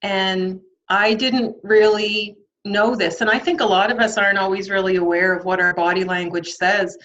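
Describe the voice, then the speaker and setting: Woman guest, mid-pitched, reflective and candid, lots of ums, slightly dull recording. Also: fairly even intonation, normal speed, fairly bright tone, slight background noise. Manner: reflective, laughs often, frequent ums. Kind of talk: candid podcast interview.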